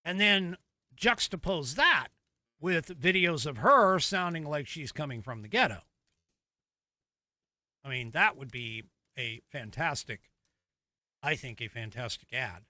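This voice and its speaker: American male podcast host, high, bright and dry, combative mocking commentator. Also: animated, a little slow, long pauses, dry recording. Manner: combative, mocking, rising emphatic delivery. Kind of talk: solo political commentary.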